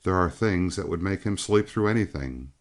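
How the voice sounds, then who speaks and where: Man playing a touchy red-headed gunman in a western audiobook, clipped, low voice. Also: animated, moderate pace. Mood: earnest. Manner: clipped, cool, through the teeth.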